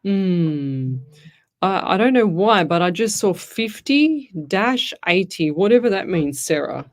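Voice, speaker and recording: A woman's voice: mid-range voice, animated, a little slow. An Australian woman hosting a live radio call-in show as a psychic medium, chatty and rambling as she reads out listener questions. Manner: chatty, rambling, thinks aloud with frequent restarts. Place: radio studio.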